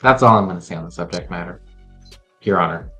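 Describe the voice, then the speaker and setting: A man's voice: sits low, quick pace, fairly bright tone, faint music behind. A man co-hosting a casual tarot livestream, chatty and reading out viewers' names. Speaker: tarot reader co-host.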